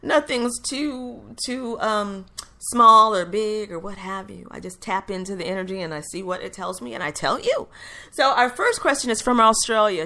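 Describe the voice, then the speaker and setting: Hosting her own radio talk show, this middle-aged intuitive reader speaks in a mid-range voice that sounds bright and forward. She takes listener questions with easygoing, upbeat chatter, leaning on lots of fillers and frequently stopping to rephrase or correct herself.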